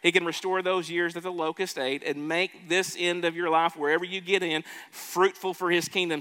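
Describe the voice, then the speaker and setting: A man preaching with a bright, forceful, somewhat high voice that swells with emphasis and doubles back on his words. His sermon rings out in a big room with a long reverb trailing each phrase. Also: normal speed. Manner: earnest preaching with rising emphatic swells and repeated restarts. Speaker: pastor.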